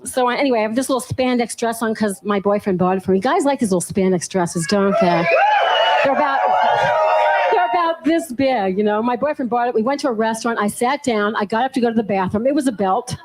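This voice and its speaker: Southern woman comic, fairly high voice, punchy stand-up delivery, noisy live club recording. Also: animated, a little fast. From New Orleans, USA. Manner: punchy joke delivery, laughing at her own lines. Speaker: stand-up comedian. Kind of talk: stand-up comedy set. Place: comedy club stage.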